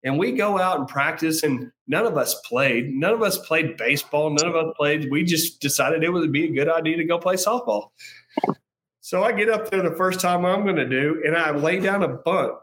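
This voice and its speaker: Laughing, storytelling man with a higher voice. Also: normal speed, fairly bright tone, slight background noise. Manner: laughs often, repeats and restarts as he tells the story. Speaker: podcast guest. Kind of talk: casual storytelling.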